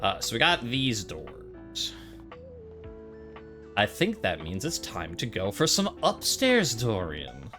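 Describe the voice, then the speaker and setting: A man streaming a video game, chatting casually and thinking out loud as he plays. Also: on the low side, huge pitch swings, slow, over music. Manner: casual, rambling, thinking aloud. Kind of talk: let's-play commentary.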